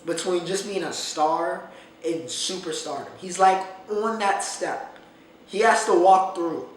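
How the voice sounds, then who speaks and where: A man hosts his own podcast, his voice sitting a little high for a man. He talks in an animated, emphatic way and leans on repeated phrases. He sits back from the mic in a very echoey room with faint noise underneath. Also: a little slow, far from the mic. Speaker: podcast host. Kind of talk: casual solo commentary.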